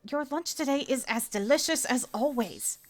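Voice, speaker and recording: A prim little girl with a bratty streak and a polite, proper way of speaking, as a woman puts her on. The voice sits high and bright. She forces cheer while reading out a visual novel line. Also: moderate pace, close to an everyday voice. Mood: forced cheer.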